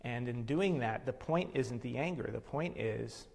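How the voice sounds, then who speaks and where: A man teaching a meditation lesson, explaining slowly and reflectively. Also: medium pitch, animated, gravelly, a little mellow. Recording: long hall reverb.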